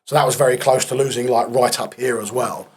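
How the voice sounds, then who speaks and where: A man's voice: mid-range voice, steady tone, brisk, breathy edge. A man in his thirties, a podcast guest, recounting a war injury in plain-spoken, subdued casual talk that trails off in places.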